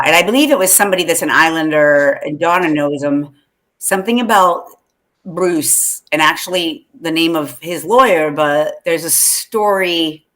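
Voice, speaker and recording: A woman's voice: deep voice, fairly bright tone. A woman co-hosting a casual talk show, rambling and laughing often as she chats. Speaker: podcast co-host. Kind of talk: casual chat.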